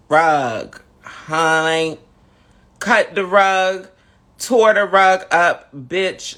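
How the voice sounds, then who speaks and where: A camp, sassy host drawling through a casual live-stream chat, tired and low on energy. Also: male voice, sharp tone.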